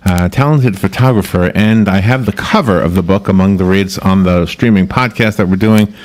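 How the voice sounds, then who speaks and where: Lower-voiced male radio host, loose and rambling, friendly interview manner. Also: normal speed, darkish tone. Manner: chatty, loose, self-interrupting.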